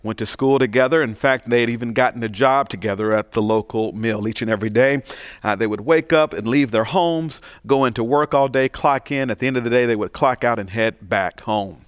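A man's voice: medium pitch, a little fast, clean tone, dry recording. Folksy storytelling male preacher. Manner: folksy, animated storyteller building to emphatic preaching. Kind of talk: sermon storytelling.

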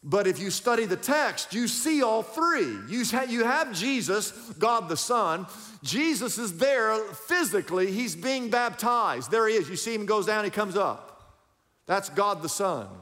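A man's voice: high-pitched, a little slow, long reverb tail, soft background music. A man preaching a sermon as pastor, talking straight to his congregation, asking them questions and telling them to write points down. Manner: animated preaching with call-outs to the congregation.

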